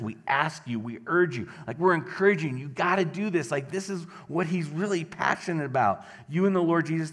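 A middle-aged male pastor delivering a casual, conversational sermon after a quiet opening prayer. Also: fairly high pitch.

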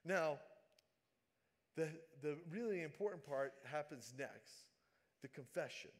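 A man preaching a sermon, swinging between loud dramatic calls and quiet, hushed asides. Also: fairly high pitch, animated, takes it slowly.

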